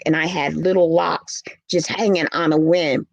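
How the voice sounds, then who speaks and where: A middle-aged woman with a fairly low voice hosts a casual live stream, speaking earnestly and with feeling. She reads viewer comments out loud between stories. The sound is dry and close. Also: little pitch movement, normal speed, vocal fry, no echo, highs cut off. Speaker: live show host.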